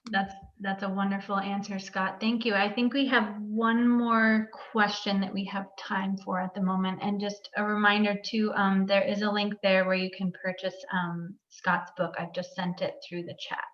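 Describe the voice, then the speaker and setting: A woman moderates an online author talk, polite and measured as she thanks the guest and reads out audience questions. Her voice comes through a roomy, muffled video-call line with some echo and dull highs. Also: level tone, fairly bright tone.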